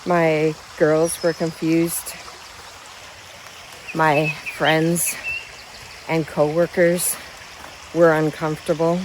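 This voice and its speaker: A woman in her fifties talks slowly and unhurriedly, frank and blunt, laughing between thoughts. She is outdoors by a river, with soft natural sound faintly behind her. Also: deep voice, level tone, a little hiss or hum. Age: 50s. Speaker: vlogger. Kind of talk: candid personal storytelling.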